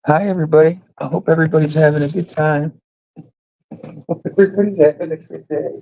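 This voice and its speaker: A man putting on the voice of a cheery woman greeting a stream chat, in a high chirpy singsong. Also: fairly even intonation, quick pace, gravelly, warm tone, a little hiss or hum. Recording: dull lo-fi stream audio.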